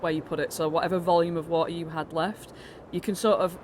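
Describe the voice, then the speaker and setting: A woman's voice: fairly low pitch, little pitch movement, quick pace, a little mellow, slight background noise. A British woman narrating as the dungeon master of a tabletop game, rambling through descriptions with many fillers and restarts. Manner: meandering, full of fillers and restarts.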